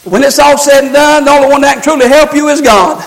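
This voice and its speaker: Preacher guy, really high voice with lots of fry, calls out to the church and shouts. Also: fast talker, low-quality recording. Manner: rising to shouts, call-and-response preaching. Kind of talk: sermon.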